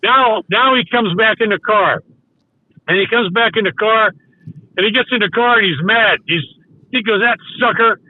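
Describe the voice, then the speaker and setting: An older man spins a long rambling story, stopping to restart and acting out what others said. His voice sits high. The sound is dry and tinny, like a phone call. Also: moderate pace, no room sound. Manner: rambling anecdotes full of restarts and acted-out quotes. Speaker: guest, former baseball coach. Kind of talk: casual storytelling.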